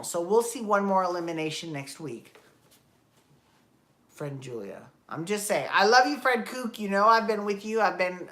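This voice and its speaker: A woman's voice: fairly low pitch, pushed and bright. A woman hosting her own show, talking alone in a chatty, rambling way, swearing freely and correcting herself as she goes. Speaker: podcast host. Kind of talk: casual solo commentary.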